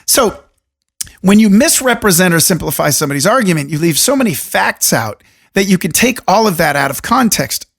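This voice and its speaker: A man hosting a solo podcast, talking alone into a studio microphone in a deliberate radio voice with jokey, rambling asides. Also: sits high, sing-song, creaky, a bit bright. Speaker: podcast host. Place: room alone.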